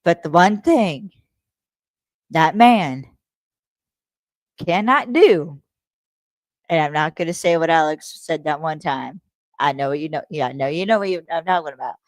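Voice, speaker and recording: A woman's voice: low voice, a little slow, long pauses, dry recording. A woman hosting a casual solo podcast recap, talking in a rambling, profane way with lots of fillers. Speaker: podcast host.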